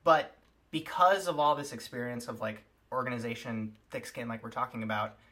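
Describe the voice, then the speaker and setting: A man's voice: mid-range voice, moderate pace, sharp tone. A man from the United States, a chef talking earnestly as a podcast guest, with many "like"s. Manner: earnest, filler-heavy with many "like"s. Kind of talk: casual chat.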